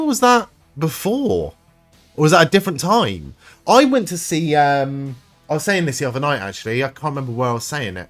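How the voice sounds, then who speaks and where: A man hosting a live stream, chatting casually with viewers, rambling and swearing freely. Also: mid-range voice. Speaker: livestream host reading chat.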